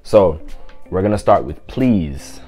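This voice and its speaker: A man giving a casual vlog language lesson, repeating words slowly for pronunciation in a chatty, loose way. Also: low voice, animated, dark tone, soft background music. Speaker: language teacher vlogger.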